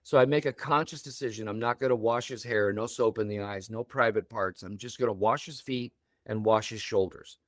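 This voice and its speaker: A man's voice: on the low side, brisk, dry recording, studio quality. Older man telling a heartfelt story. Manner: emotional, animated storytelling with voiced quotes. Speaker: guest. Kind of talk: personal storytelling in an interview.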